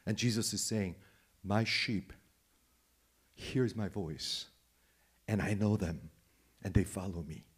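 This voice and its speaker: A male pastor delivers a sermon in a lowish voice, repeating phrases and posing rhetorical questions. He swings between loud, emphatic peaks and soft, hushed lines.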